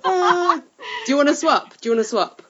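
A woman co-hosting a podcast in a relaxed, chatty way, laughing often. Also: sits high, a little fast. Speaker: podcast co-host. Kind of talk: casual chat. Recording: slightly muffled lo-fi audio.

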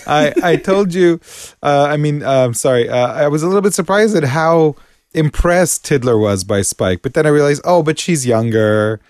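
A Canadian man co-hosting a podcast in casual chat, chatty, laughing often and trailing off into quiet mumbles. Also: on the high side, lively intonation, normal speed, dry recording, studio quality. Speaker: podcast co-host.

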